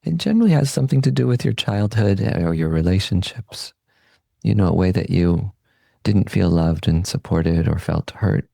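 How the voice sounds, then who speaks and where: A man hosting a podcast, giving a calm, unhurried, reflective Buddhist teaching talk that trails off softly at the ends of phrases. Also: low-pitched, creaky, dry recording. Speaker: podcast host and meditation teacher.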